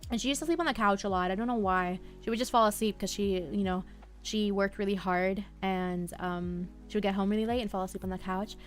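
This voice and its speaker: A young woman streaming live, chatting softly and calmly, with a quiet, slightly mumbled way of talking and wandering thoughts. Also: medium pitch, a little fast, faint music behind. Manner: soft-spoken, mumbling, drifting thoughts. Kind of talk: relaxed live-stream chat. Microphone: headphones half off, desk mic.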